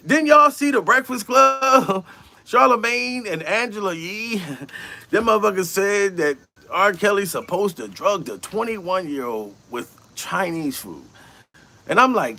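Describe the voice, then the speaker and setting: A man doing a comedic, profane rant, incredulous and animated, laughing often as he talks. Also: sits high, unhurried. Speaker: comedian commentator.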